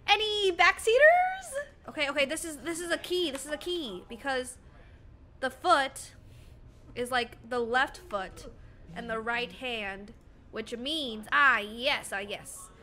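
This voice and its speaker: Girl streamer playing a horror game, talks to chat, super high voice, goes all over the place, giggly and excitable. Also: slow pace. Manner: excitable, giggly, chats to viewers. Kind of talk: casual gameplay commentary.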